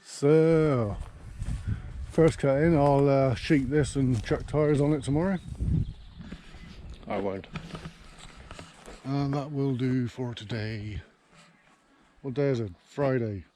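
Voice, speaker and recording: A man's voice: mid-range voice, takes it slowly, long pauses, warm tone, a little hiss or hum. A man working as a groundsman, giving dry, offhand vlog commentary while he mows, muttering to himself and swearing casually. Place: outdoors on a sports ground and in a tractor cab.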